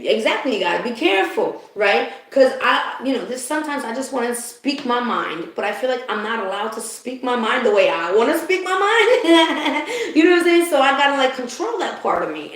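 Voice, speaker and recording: Woman doing a live spirit reading, kinda high voice, gets emotional, keeps asking "you know?", big echo in the room. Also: sing-song, brisk. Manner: emotional, confiding, laughs often; keeps checking in with the listener. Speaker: spiritual reader. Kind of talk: live card reading to viewers. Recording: very echoey room.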